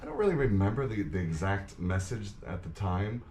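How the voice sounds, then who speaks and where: A man, a guest on a live web talk show, chatting in a lively way and laughing often. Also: lowish voice, fairly quick, echoey room, a little hiss or hum. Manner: lively, laughing, talks over the host. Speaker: guest actor and singer. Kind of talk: casual chat.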